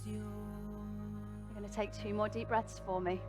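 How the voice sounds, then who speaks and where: A woman's voice: mid-range voice, level tone, slow pace, over music. A woman with a British accent teaching a live yoga class, guiding poses and breath with rousing encouragement and a self-mocking laugh. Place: live event venue, music playing.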